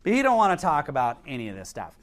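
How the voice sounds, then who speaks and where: A man's voice: fairly high pitch, wildly swooping pitch, quick pace, fairly bright tone. A man preaching a sermon in a conversational way, slipping into a casual story and laughing as he tells it. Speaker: pastor. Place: Idaho.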